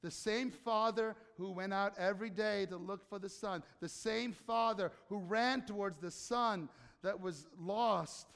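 Brief: male pastor, high voice, chatty sermon that keeps asking the congregation questions, reverberant hall. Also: measured pace, fairly bright tone. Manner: conversational, questions the audience, acts out quotes.

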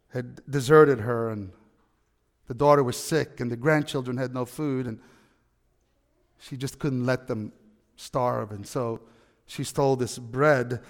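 A man preaching a sermon, telling a story with animated, emphatic peaks. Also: medium pitch, measured pace, pauses often, in a large hall. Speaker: pastor.

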